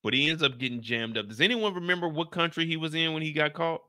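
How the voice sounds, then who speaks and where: A man's voice: on the high side, quick pace, sharp tone, dry recording, clean studio sound. A man with an American accent recapping a TV episode in casual, slangy chat, reading out viewer questions and reacting playfully. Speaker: show recap host.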